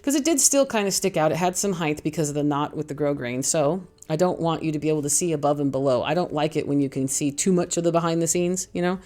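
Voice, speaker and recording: A woman's voice: low voice, fast, few pauses, mellow. A middle-aged woman hosting a craft tutorial, talking through her steps in a chatty, rambling, self-deprecating way. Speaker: craft channel host. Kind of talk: casual craft tutorial voice-over.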